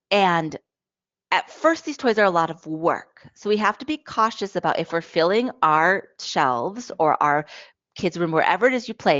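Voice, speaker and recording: A woman with a low voice gives a lively, hands-on talk about play, showing toys as she goes and often checking in with "right?". The audio is dull and lo-fi, with a dry, close sound. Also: dry recording. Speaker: presenter on play for young children, parent. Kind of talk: webinar talk with toy demonstrations.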